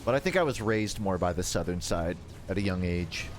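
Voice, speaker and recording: A man's voice: deep voice, animated, brisk, faint music behind. A man from Georgia in the United States with a Midwestern American accent, chatting casually and jokingly while playing a game on a livestream. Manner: joking, rambling, self-mocking. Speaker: streamer. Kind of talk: casual gaming livestream commentary.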